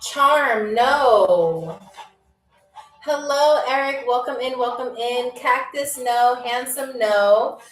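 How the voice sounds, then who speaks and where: A woman's voice: on the high side, slow. A woman hosting a live-stream quiz game. She reads out viewer comments in a playful, teasing way, often holds back laughter, and welcomes viewers as if she were a flight attendant. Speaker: game show host. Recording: roomy, distant mic with faint music.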